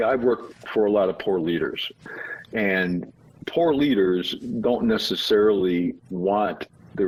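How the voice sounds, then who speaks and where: A man, an author guest on an interview podcast, explaining his ideas in a measured, storytelling way. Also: sits low, a little mellow, a little hiss or hum, low-quality recording. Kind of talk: conversational interview.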